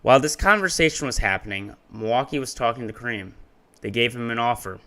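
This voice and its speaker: A man's voice: medium pitch, fast talker, sharp tone. A man narrating a story on a live stream in a chatty way, restarting lines after he flubs them.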